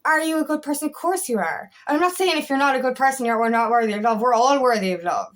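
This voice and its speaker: A woman coach talks straight to camera in a casual motivational monologue, her voice sitting fairly high. She is blunt, swears freely and circles back over her words as she goes. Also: quick pace. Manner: frank, swears freely, repeats herself. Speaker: feminine empowerment coach.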